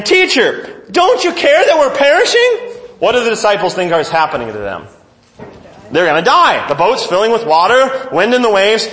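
A man's voice: sits high, a bit bright. A man preaching as pastor, reading scripture aloud and putting questions to his congregation. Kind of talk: sermon.

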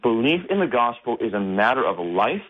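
A man, a pastor, teaching a bible study in an animated way that builds to emphatic outbursts. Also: medium pitch, a little fast. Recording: tinny phone-like radio sound.

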